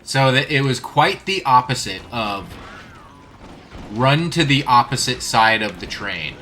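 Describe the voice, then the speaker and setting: A man's voice: mid-range voice, big pitch swings, unhurried, sharp tone, slight background noise. A man giving casual, self-deprecating commentary while streaming a video game and greeting his chat.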